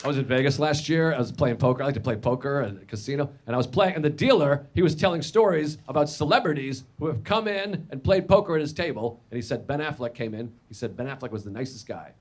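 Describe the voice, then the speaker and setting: Heard in a noisy clip played back within a reaction video, a stand-up comedian tells exaggerated stories with a sardonic edge. His mid-range voice is animated and quick, with few pauses.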